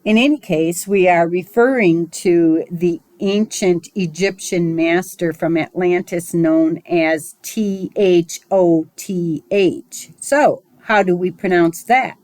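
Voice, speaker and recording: A woman giving a recorded spiritual lesson as its teacher, talking in a measured, musing way with small digressions. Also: on the low side, darkish tone, no room sound, rough recording.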